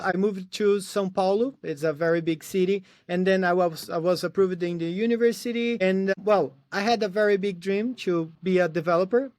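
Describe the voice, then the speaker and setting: High-voiced Brazilian man, hesitant. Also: darkish tone, no room sound. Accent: Brazilian Portuguese. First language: Portuguese. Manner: hesitant, with frequent restarts and fillers. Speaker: podcast guest. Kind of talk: casual storytelling.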